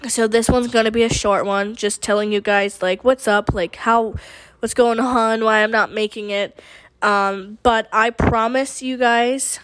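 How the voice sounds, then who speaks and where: A woman's voice: a little high, fairly even intonation, unhurried, fairly bright tone, smooth, no room sound. A young woman talks straight to her podcast listeners in a loose, rambling way, full of ums and restarts. She sounds emotional and earnest. The recording is dry and close, with no room sound. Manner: emotional, rambling with many fillers. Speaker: podcast host. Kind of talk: casual personal update to listeners.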